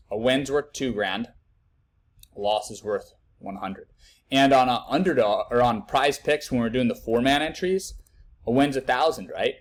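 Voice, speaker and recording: A young man giving blunt, profane betting picks in a casual live video, working through numbers out loud. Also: medium pitch. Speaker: sports betting tipster.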